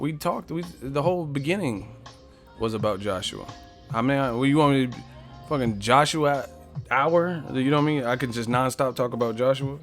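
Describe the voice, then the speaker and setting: A man's voice: medium pitch, fairly bright tone. A man hosting a boxing live stream in a casual, profane, joking way, reading viewer comments aloud and trash-talking back at them.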